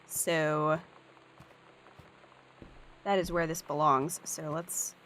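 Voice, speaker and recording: A woman's voice: sits low, level tone, extremely slow, fairly bright tone, slight background noise. Chatty woman narrating gameplay. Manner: chatty and upbeat, thinking aloud. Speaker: let's play host. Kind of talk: casual gameplay commentary.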